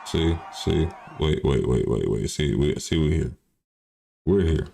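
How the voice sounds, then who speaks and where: A man's voice: very deep voice, animated, unhurried, creaky, mellow, slight background noise. A man in his thirties hosting a livestream, talking bluntly and profanely in rambling commentary. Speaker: livestream host.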